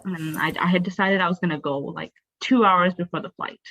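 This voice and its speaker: Low-voiced young woman telling her story. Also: fairly even intonation, a little fast, a bit bright, slight background noise, low-quality recording. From raised in a Bengali family. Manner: candid, earnest, uses many fillers like "like" and "you know". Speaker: podcast guest. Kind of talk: personal storytelling in a conversation.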